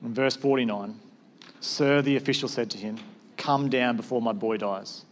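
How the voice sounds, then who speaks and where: A man's voice: medium pitch, normal speed. A man, a pastor with school-age kids, preaching a sermon in a conversational way and acting out short exchanges.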